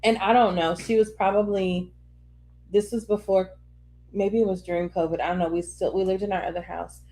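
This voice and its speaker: A woman's voice: medium pitch, fairly quick. A woman in her thirties co-hosting a podcast, telling stories in casual chat and acting them out with laughter. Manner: animated storyteller, acts out scenes with laughter. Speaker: podcast co-host.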